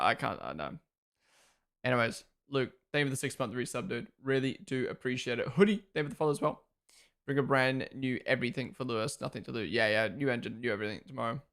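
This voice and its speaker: A man's voice: medium pitch, a bit bright. A young man casually commentating live on a stream, reacting and thanking viewers by name. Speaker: streamer hosting a watchalong.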